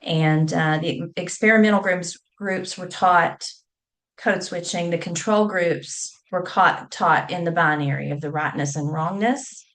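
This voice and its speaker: A woman's voice: fairly low pitch, measured pace, a bit bright. A woman, a scholar and teacher explaining at length, spelling words out letter by letter. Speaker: scholar and public speaking teacher. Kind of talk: academic talk.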